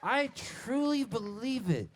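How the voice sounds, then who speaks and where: With big swings in his very high voice, a Canadian singer-songwriter slowly works through a rambling joke for a festival audience, cracking himself up at each punchline. It's on-stage banter from an outdoor stage, taken from his vocal mic on the soundboard, with a band softly playing and slight background noise.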